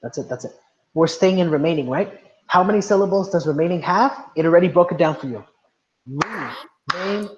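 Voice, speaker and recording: A man's voice: on the high side, fast talker, a little hiss or hum. A male teacher leading a class lesson, patiently asking students questions and now and then slipping into Spanish. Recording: dull lo-fi audio.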